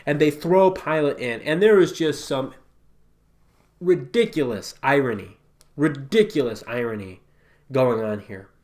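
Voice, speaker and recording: A man's voice: medium pitch, measured pace, a little mellow. A man giving a casual, conversational Bible teaching, emphatic and full of rhetorical asides.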